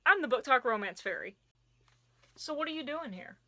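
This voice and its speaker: A woman's voice: sits high, expressive, moderate pace, pushed and bright, exaggerated voice. A woman voicing a perky, pushy female fairy of romance books who speaks in sing-song rhymes. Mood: bossy, playful. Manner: sing-song rhyming pep talk.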